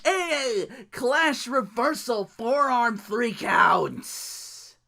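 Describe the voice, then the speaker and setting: Podcast guy recapping wrestling, laughs a lot, swears, bright voice that jumps all over. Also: very high-pitched, drawn-out words, creaky, a little hiss or hum. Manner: laughs often, swears, animated play-by-play. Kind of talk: casual solo recap with impressions.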